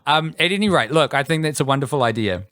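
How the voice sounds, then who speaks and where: A man's voice: on the high side, expressive, fast talker, a bit bright, no echo, clean studio sound. A man co-hosting a comedy podcast in casual chat, playful and mock-formal, laughing often. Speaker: podcast co-host.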